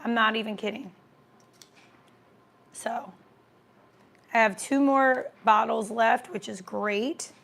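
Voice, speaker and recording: A chatty woman hosting a casual livestream, answering viewer comments while she eats. Her voice sits a bit high and carries a gravelly, fry-tinged edge. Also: fairly even intonation, slow, pauses often, a bit bright. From American Midwest. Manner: chatty, reads comments aloud, talks while eating.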